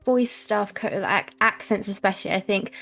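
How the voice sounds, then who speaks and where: A woman's voice: medium pitch, moderate pace, creaky, a bit bright. A woman hosting a podcast, asking eager, curious questions. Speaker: podcast host. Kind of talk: conversational interview.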